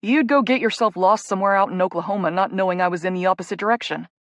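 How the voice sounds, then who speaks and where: A woman's voice: mid-range voice, quick pace, no room sound, lightly acted. A woman narrating an audiobook voices a protective young adult twin brother with wry, teasing banter.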